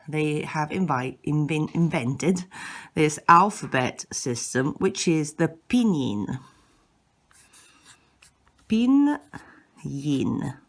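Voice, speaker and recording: Slow, low-voiced woman teaching patiently. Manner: patient, repeats and demonstrates sounds, occasional self-corrections. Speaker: language teacher. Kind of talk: slow instructional explanation.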